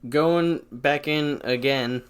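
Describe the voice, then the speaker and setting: A man co-hosting a casual podcast, excitable and profane, often laughing at his own jokes. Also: on the high side, slow, smooth. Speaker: podcast co-host.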